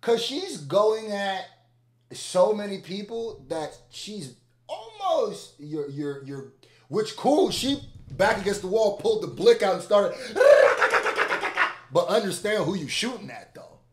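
Guy reacting to a track, voice jumps all over, pitched a bit high, roomy echo. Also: unhurried, a little hiss or hum. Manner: animated, laughing, swinging between loud outbursts and low muttering. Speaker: reaction video host. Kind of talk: casual commentary reacting to a song. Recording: echoey room.

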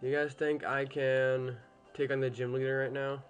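A man's voice: mid-range voice, level tone, normal speed, faint music behind. A young man casually commentating a game he is playing at home, chatty and easily annoyed, swearing at the game now and then. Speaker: gameplay commentator.

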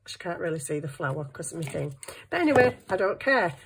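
A woman's voice: fairly low pitch, sing-song, fast, heavy background noise. A middle-aged woman, rambling and joking at herself while she does crafts at her desk at home. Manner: rambling, self-mocking, talks to herself while working. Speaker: craft vlogger. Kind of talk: chatty crafting vlog.

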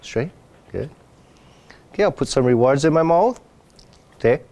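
A man demonstrating dog obedience training, calmly explaining each step and breaking into high, happy praise for the dog. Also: moderate pace. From Hawaii. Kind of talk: outdoor demonstration lesson.

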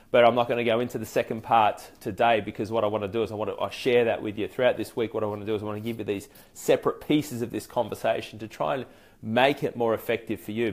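Chatty Australian man coaching sales callers. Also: mid-range voice. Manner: chatty, loose and hesitant, many fillers and restarts; acts out sample phone greetings. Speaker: sales trainer. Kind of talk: conversational training talk.

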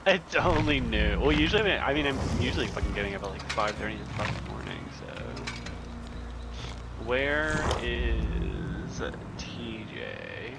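A just-woken man with a husky, groggy voice, chatting loosely over a headset while he games. His pitch swings up and down and stays lively. Loud noise fills the background of the recording. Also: normal speed. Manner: loose, profane, rambling, with filler words. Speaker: gamer in voice chat. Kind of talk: casual gaming chat.

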